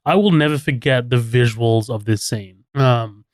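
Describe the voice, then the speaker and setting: A man's voice: medium pitch, normal speed, dry recording, studio quality. A man, co-hosting a casual film-review podcast, laid-back and laughing often. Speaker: podcast co-host.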